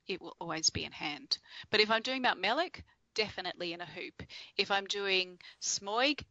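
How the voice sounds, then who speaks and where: A woman's voice: fairly low pitch, sharp tone, no room sound, dull audio. A woman guest, an embroidery author and teacher, chatting on a remote call and explaining her methods patiently, correcting herself as she goes. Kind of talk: conversational explanation.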